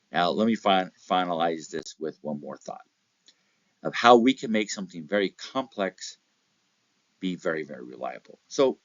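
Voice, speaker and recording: Man, motivational speaker, very low voice, acts out story voices, dull dry recording. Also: no room sound. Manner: tells anecdotes, acts out voices, repeats "okay?". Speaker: real estate speaker. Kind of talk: motivational talk with stories.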